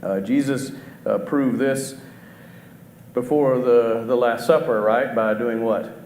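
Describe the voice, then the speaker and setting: A man's voice: medium pitch, fairly even intonation, takes it slowly, a little mellow. A middle-aged man preaching a conversational sermon, often asking the congregation questions and restarting his sentences. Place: church auditorium. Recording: echoey hall with faint background noise.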